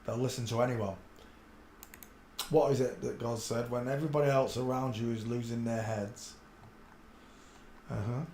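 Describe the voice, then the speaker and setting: A man talks his way through a solo livestream, mostly muttering low to himself. Now and then he breaks into loud, excited outbursts. He is blunt and crude, and the sound carries the echo of a roomy room with a faint hum underneath. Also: normal speed, long pauses. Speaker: livestream host. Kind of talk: rambling solo livestream commentary.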